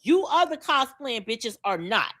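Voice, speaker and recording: A woman's voice: a little high, big pitch swings, a little slow, bright, forceful tone. A woman with a Miami accent, co-hosting a podcast in a blunt, profane, emphatic rant. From Miami, Florida. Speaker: podcast co-host.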